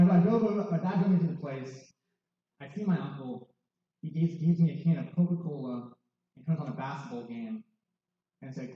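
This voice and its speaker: A man's voice: a little high, moderate pace, pauses often. A young man in his twenties sharing a candid personal testimony with wry, self-mocking humor. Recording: distant, dull, very echoey hall.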